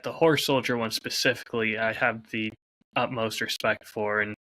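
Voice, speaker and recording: A man's voice: lowish voice, steady tone, normal speed, pushed and bright, no echo. A man co-hosting a podcast in casual chat, speaking earnestly and hesitantly, with frequent fillers. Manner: hesitant, lots of ums and restarts, earnest. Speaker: podcast co-host.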